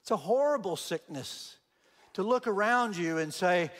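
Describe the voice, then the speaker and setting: A man's voice: high-pitched, unhurried, in a large hall. A man giving a sermon as a guest speaker, telling stories animatedly and acting out the quotes. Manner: animated storyteller, acts out quotes. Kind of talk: sermon storytelling.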